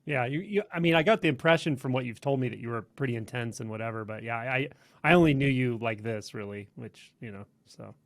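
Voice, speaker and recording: A man hosting an interview, asking gentle probing questions. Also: mid-range voice, quick pace, gravelly, few pauses. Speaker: host.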